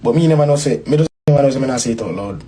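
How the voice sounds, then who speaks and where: A man's voice: medium pitch, expressive, very fast, mellow, poor audio. A young man telling a personal story in a rambling way, repeating bro and dog. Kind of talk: interview clip, personal story.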